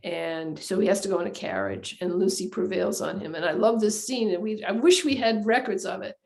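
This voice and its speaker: A woman author giving a book talk, telling a historical story in a chatty, animated way with many fillers and restarts. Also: medium pitch, brisk, creaky. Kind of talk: informal storytelling lecture. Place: lecture hall.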